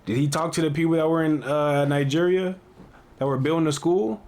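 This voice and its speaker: A man's voice: a little high, brisk, darkish tone, a little hiss or hum. A man hosting a reaction video, talking casually and asking one disbelieving question after another. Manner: incredulous, asks questions over and over.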